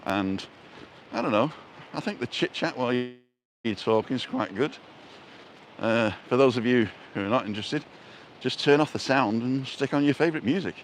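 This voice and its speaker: A man's voice: mid-range voice, animated, normal speed, slight background noise. A man hosting a casual walking live stream, talking into a handheld phone outdoors with a chatty, self-mocking, punning way of speaking. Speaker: vlogger and live-stream host. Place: outdoors, walking along a street in a seaside resort. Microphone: handheld phone camera.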